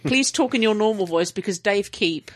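A woman's voice: medium pitch, animated, normal speed, a little hiss or hum. A woman co-hosting a podcast, teasing the others with cheeky banter. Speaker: podcast co-host. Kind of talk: casual chat.

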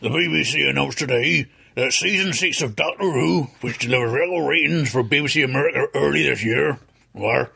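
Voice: medium pitch, a little fast, creaky, sharp tone, breathy edge. A jokey podcast co-host who introduces segments and reads a press release aloud. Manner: jokey, reads press statements aloud, throws in silly voices. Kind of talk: casual group chat.

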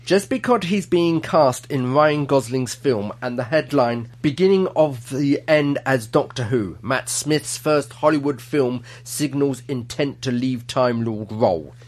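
A man's voice: mid-range voice, unhurried, few pauses. A man co-hosting a podcast, reading listener feedback aloud in a chatty way with frequent laughs. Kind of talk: casual podcast chat.

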